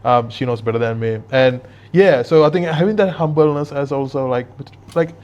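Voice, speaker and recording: A man hosts the interview, his earnest questions full of pauses and restarts. His voice sits mid-range, and the audio sounds a little dull and lo-fi. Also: medium pitch, darkish tone. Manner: hesitant, many fillers and restarts, earnest. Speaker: podcast host. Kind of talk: casual interview.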